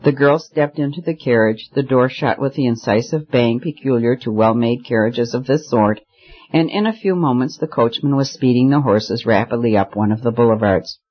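A man reading a story aloud as audiobook narrator, in an even, measured storytelling manner. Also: mid-range voice. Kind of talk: scripted narration. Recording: slightly muffled recording.

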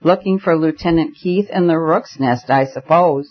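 A man reading a tense young gentleman, clipped and urgent. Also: on the high side, moderate pace, lo-fi sound, close to an everyday voice. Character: anxious young gentleman climbing a tree.

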